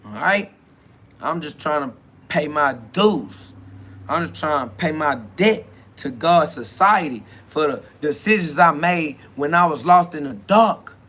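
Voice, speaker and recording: A man's voice: fairly high pitch, animated, unhurried, fairly bright tone. A man hosting a solo self-talk podcast, rambling loosely in with frequent laughs. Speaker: podcast host.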